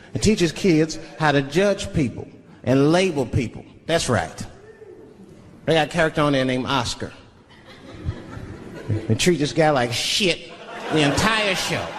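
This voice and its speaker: Male stand-up, lively swooping delivery, raised pitch, live room with crowd laughs. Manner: profane, animated storytelling. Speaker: stand-up comedian. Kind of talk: stand-up comedy. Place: comedy venue on stage. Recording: live club recording, reverb, audience laughter.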